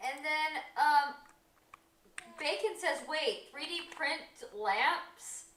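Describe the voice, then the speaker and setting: Young woman rambling thru a story, lots of ums, high bright voice. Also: expressive, drawn-out words, a little hiss or hum. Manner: chatty, rambling with many ums. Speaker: co-host of a livestream. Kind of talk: casual storytelling and reading chat aloud. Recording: echoey room.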